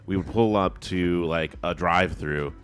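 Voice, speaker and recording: Lower-voiced man telling a story. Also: a little slow. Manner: animated storyteller doing voices of others. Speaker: band member co-hosting. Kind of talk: casual chat.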